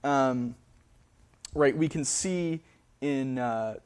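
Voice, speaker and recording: A man's voice: medium pitch, very slow, darkish tone, smooth. A man giving a public lecture in a theater, hesitant and full of fillers, often checking in with the audience. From New England. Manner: hesitant, many fillers, frequent "right?" checks.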